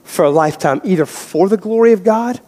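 A man preaching a sermon as pastor, animated, moving between loud emphasis and quiet storytelling. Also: high-pitched, a little fast. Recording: hall reverb.

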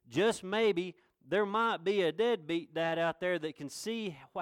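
Pastor, male, middle-aged, folksy earnest sermon, fairly high voice, dry sound. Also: no echo. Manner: folksy, earnest preaching with rising proclamations.

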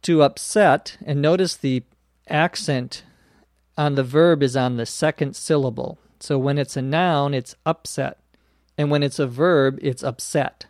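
A man hosting an English-learning podcast, explaining words slowly and spelling them out letter by letter with frequent "uh"s. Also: medium pitch, steady tone, darkish tone, no room sound, clean studio sound. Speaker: English teacher podcast host. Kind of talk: slow explanatory podcast lesson.

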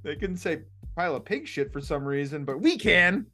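A man hosting a casual sports betting chat, energetic and excitable, hamming it up, with faint music underneath. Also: fairly high pitch, normal speed. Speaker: podcast host.

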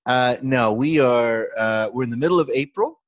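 A man's voice: mid-range voice, moderate pace. A man, a pastor co-hosting a podcast, telling a story in casual chat with lots of laughter and restarts. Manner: animated storytelling, frequent laughter and self-restarts. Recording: slightly muffled, dry recording.

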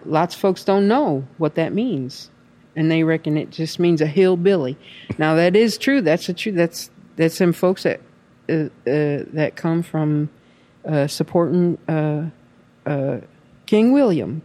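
Brief: a woman putting on a homespun old-time Kentucky woman with a Kentucky accent, talking in slow, drawn-out phrases. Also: sits low, dark tone. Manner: homespun, drawn-out with many pauses. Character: folksy 19th-century Kentucky woman.

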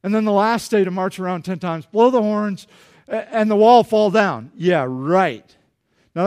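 Animated male pastor with a high voice, preaching a lively sermon. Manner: animated, acts out dialogue, jokes with congregation.

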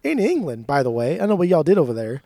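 A man with a slightly high voice talks in a lively, teasing way and swears often. He sounds dry and close, with no room around him. This is a loose podcast chat among friends. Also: fast talker, vocal fry, dry recording. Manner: animated, profane, teasing. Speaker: podcast co-host. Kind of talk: casual chat.

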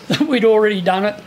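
A man's voice: high voice, darkish tone. An older man, bluntly telling earthy anecdotes in an interview. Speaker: local landowner recalling the dig. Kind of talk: casual storytelling interview. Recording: faint background noise.

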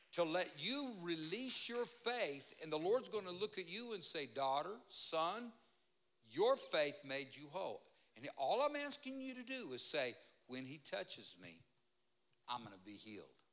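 A guest preacher delivers a sermon in a church, pleading with his listeners and asking for amens. His voice sits a little high, with a bright, forceful edge. He swings between loud appeals and soft, hushed lines.

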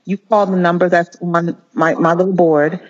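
A male nurse speaking as an interview guest, earnest and impassioned, often halting and restarting mid-sentence. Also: sits high, flat delivery. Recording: muffled lo-fi audio.

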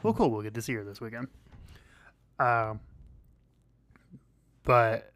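A man co-hosting a podcast in casual chat, rambling and halting with many fillers and restarts. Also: medium pitch, expressive, fairly bright tone. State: losing his voice. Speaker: podcast co-host.

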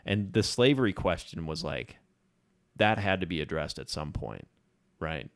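A man's voice: low voice, sing-song, normal speed, creaky. A man from Ohio hosting a podcast, chatting casually and jokily in a rambling way. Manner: jokey, rambling, playful. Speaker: podcast host. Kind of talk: casual chat. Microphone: podcast mic indoors.

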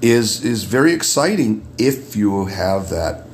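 A man with a deep radio voice, a guest in a casual podcast chat, who often repeats words as he starts a thought. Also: animated, slow, slight background noise. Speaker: guest, makeup artist.

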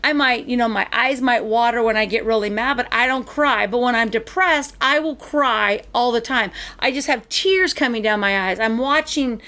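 A woman's voice: a little high, normal speed, few pauses, bright, forceful tone. A middle-aged woman in casual chat, ranting animatedly as she tells a story and acts out both sides of the exchanges.

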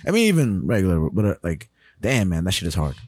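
A man's voice: low voice, big pitch swings, fast talker, a little mellow, slightly rough, dry recording. A young man co-hosting a casual podcast, his voice swooping up and down with lots of life as he laughs and swears his way through stories. He slips into impressions of the people he describes. The sound is dry and close. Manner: laughs often, swears freely, acts out people he talks about. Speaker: podcast co-host. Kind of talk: casual chat.

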